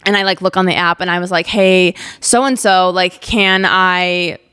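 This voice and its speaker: A woman's voice: lowish voice, measured pace, clean tone. A young woman in her twenties hosting a podcast, telling a personal story in a candid, chatty way with lots of "like"s. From Ozarks, USA. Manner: chatty, many "like"s, candid and expressive. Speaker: podcast host.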